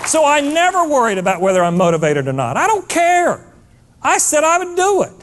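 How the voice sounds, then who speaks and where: A man's voice: very high voice, huge pitch swings, a little fast, a crowd in the background, noisy background. A man giving a blunt, fired-up motivational keynote to a live audience, scolding and hammering points with repetition.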